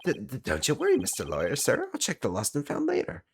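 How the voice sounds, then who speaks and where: A man's voice: mid-range voice, huge pitch swings, fast, vocal fry, breathy edge, voice pushed up, heavily acted. Man doing a brash New York caretaker. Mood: groveling. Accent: put-on New York. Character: sneaky scheming male caretaker, folksy thief.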